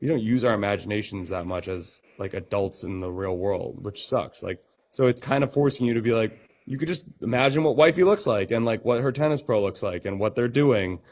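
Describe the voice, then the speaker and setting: A man's voice: lowish voice, fairly quick. A man talking as a podcast guest about his comedy and fitness classes, rambling with many fillers and acting out quotes. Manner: rambling, filler-heavy, animated quoting. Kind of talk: casual podcast conversation.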